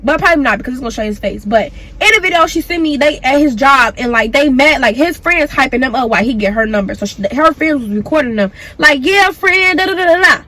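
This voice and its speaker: A young woman with a high voice tells a storytime vlog in a loose, animated way. She swears freely and jumps into the voices of the people in her story. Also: quick pace, hardly any pauses. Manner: animated, profane, acts out the dialogue. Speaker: vlogger. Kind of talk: storytime vlog, casual retelling.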